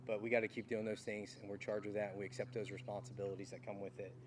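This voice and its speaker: A man's voice: on the low side, monotone, fast, far from the mic, background noise. A middle-aged man, a departing army general, giving a heartfelt farewell speech with folksy asides at an outdoor military ceremony.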